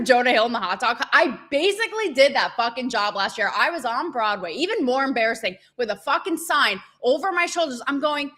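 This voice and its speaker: Woman host venting on her stream, swears a lot, bright punchy voice, kinda high. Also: fairly quick, hardly any pauses. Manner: profane, animated, rambling and self-mocking. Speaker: show host. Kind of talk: candid livestream monologue.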